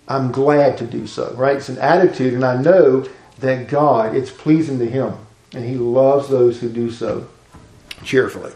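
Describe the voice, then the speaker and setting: A man's voice: mid-range voice, a little mellow, roomy sound, low-quality recording. A man preaching a conversational, folksy sermon as a pastor.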